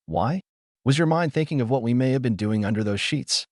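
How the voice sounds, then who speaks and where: A man voicing a calm, cheeky young male ninja in plain reading tone. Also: medium pitch, fairly quick, no echo, studio quality, voice pushed up, natural voice. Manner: plain reading, barely changed from narrator.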